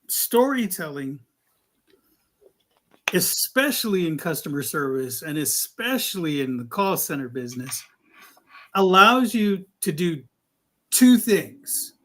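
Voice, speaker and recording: Guy with a high voice, talks slow, animated storyteller doing callers' voices, casual cohost chat. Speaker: co-host. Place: live studio.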